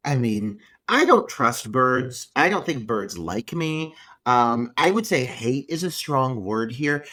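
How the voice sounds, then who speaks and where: A man co-hosting a podcast, chatting casually about a film, animated and swearing freely as he lays out his gripes. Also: medium pitch, takes it slowly, hardly any pauses, no room sound. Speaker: podcast co-host. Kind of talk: casual film review chat.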